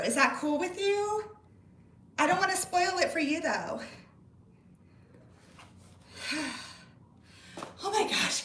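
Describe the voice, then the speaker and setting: Her voice extremely high and sing-song, a woman in her thirties gushes to viewers on a casual livestream from home. She speaks unhurriedly with frequent pauses and a slightly bright tone, recorded far from the mic in an echoey room with a little hiss or hum.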